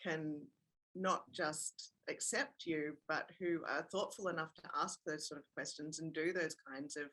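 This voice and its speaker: An interviewer asking gentle questions and affirming the guest's answers. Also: medium pitch, steady tone, a little slow, low-quality recording.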